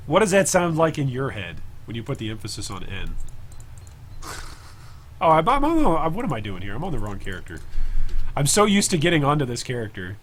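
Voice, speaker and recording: A man's voice: mid-range voice, a bit bright, slight background noise. A man streaming a video game, thinking aloud in a casual, chatty way and answering viewers' comments as he plays.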